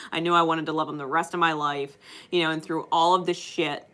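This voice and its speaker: A woman gives her viewers a casual, unscripted spiritual card reading, emphatic and laughing often while swearing constantly. Her voice is low-pitched with a sharp tone.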